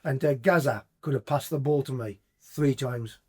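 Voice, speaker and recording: A man in his sixties with a Black Country accent, a podcast guest telling lively sweary anecdotes with sound effects. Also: mid-range voice, moderate pace, slightly rough. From English Black Country. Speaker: podcast guest, former footballer. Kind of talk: casual storytelling.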